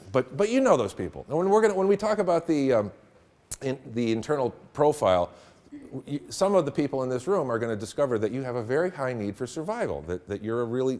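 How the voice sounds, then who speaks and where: A middle-aged man lectures a room of teachers at a workshop, his pitch rising and falling with plenty of life. He tells anecdotes in an animated way and breaks into laughter along the way. His voice sits at an ordinary pitch for a man. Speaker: teacher trainer. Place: room with a live audience.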